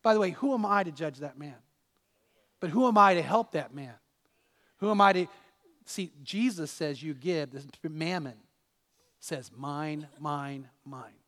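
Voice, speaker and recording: A man's voice: high voice, lively intonation, normal speed, long pauses, fairly bright tone, long reverb tail. A man preaching a sermon as pastor, telling a personal story with restarts and repeated words.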